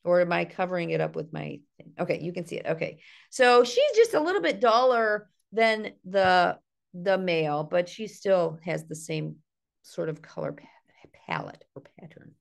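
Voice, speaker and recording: A middle-aged woman from Ohio, a naturalist giving an online nature workshop in a chatty, playful way, with a slightly gravelly voice. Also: lowish voice, expressive, moderate pace. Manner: chatty, playful, mimics bird calls in sing-song. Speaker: naturalist and art instructor. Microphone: video call.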